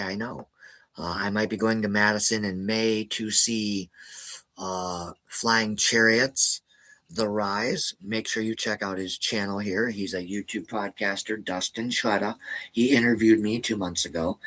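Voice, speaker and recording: A man's voice: lowish voice, pushed and bright, poor audio. A man hosting a casual live stream, rambling to viewers and often tagging his sentences with "all right?". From American Midwest. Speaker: channel host.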